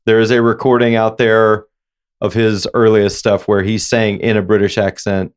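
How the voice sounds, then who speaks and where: A man hosting a podcast interview, chatting casually in a rambling, halting way with many false starts. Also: on the low side, level tone, clear, resonant tone. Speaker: podcast host.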